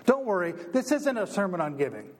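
A man's voice: sing-song, a little fast, big-room sound. A man preaching a sermon, building intensity through repeated phrases and rhetorical questions. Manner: preaching with building repetition, rising in pitch and force. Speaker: pastor.

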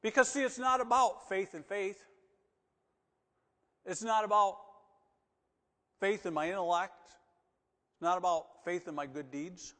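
A man with a high-pitched voice preaches to his congregation in a church sanctuary. He shifts between loud, emphatic declarations and quiet, coaxing asides. A long reverb from the hall trails every phrase. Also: a little slow, pauses often. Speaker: pastor. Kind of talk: sermon.

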